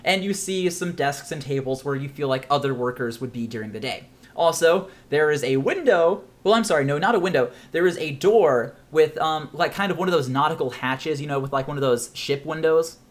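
A man running a choose-your-own-adventure game as game master for a podcast, animated and often laughing as he narrates. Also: a little high, brisk, few pauses. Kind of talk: narrating a tabletop role-playing podcast.

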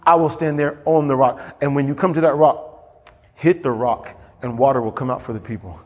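A pastor preaching a sermon in a church, getting animated and climbing high as he acts out scripture. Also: normal speed, long reverb tail.

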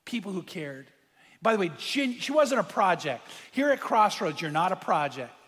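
Addressing his congregation head-on, a pastor tells a story earnestly during his sermon. His high voice swings widely in pitch at normal speed, with a somewhat bright, slightly rough tone. The hall adds a long reverb.

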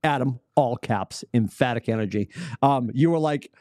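A man with a New England accent hosting a casual sports podcast, animated and teasing, laughing often. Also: medium pitch, moderate pace, no room sound, studio quality. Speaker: podcast host.

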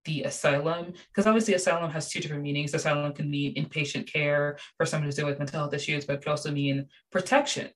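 Low-voiced young woman gushing casually. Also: fast talker, few pauses. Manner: animated, gushing, many fillers. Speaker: show reviewer. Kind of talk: casual chat.

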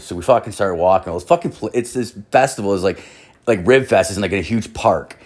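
A young man with a slightly low voice rambles through a crude anecdote. He swears constantly and leans on fillers, in a loose, casual delivery. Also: fast talker. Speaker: storyteller.

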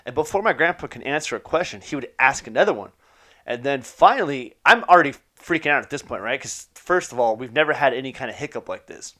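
Guy rattling off a wild story, quick and loose, swears a lot, says "you know" constantly, mid-range voice. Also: mid-range voice, animated, pushed and bright. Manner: quick, loose and profane, with fillers and laughs. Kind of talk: personal anecdote, casual storytelling.

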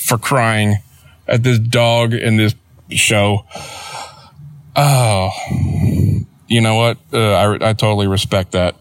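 A man's voice: on the low side, steady tone, slow pace, long pauses, no echo. A man hosting a solo podcast, telling a story in a rambling, profane, self-mocking way, tired after an early start. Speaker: podcast host. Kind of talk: casual solo podcast monologue.

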